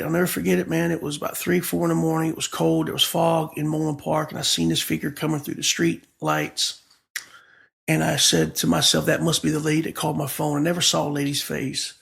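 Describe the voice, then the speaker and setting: A man with a very gravelly, fry-laden voice that sits a little high, telling a story from his own life. He brings in each speaker's words as he tells it. His talk is heartfelt and personal. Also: level tone, quick pace, a bit bright. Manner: vivid storyteller who acts out the dialogue. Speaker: guest pastor.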